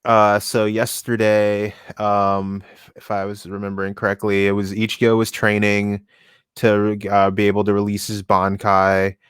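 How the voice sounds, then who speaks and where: A man co-hosting a relaxed discussion stream, pausing often to find his words. His low voice stays level and even. It sounds smooth and close, with no room sound. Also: no room sound. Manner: halting, searching for words mid-sentence. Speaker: co-host reading the series.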